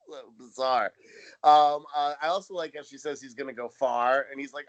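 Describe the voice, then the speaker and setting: A man's voice: mid-range voice, moderate pace, dry recording. Wry man co-hosting a podcast. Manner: wry, laughs often, retells scenes with quoted lines. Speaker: podcast co-host. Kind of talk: casual chat recapping a TV episode.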